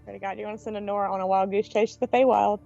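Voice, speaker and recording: A woman playing a tabletop game, chatty and quick to laugh. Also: medium pitch, fairly even intonation, creaky, dark tone, muffled recording, faint music behind. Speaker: player. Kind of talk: casual tabletop play.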